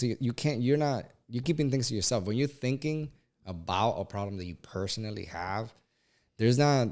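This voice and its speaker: A man co-hosting a podcast, musing thoughtfully in relaxed conversation. His voice sits on the lower side. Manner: reflective, thoughtful. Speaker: podcast co-host. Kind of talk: casual chat.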